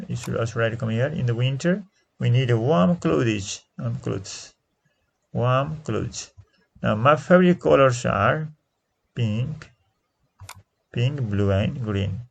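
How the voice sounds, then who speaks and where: A man with a Nepali accent teaching an exam-prep English lesson, explaining slowly and repeating each answer, sometimes switching into Nepali. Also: mid-range voice, gravelly, husky.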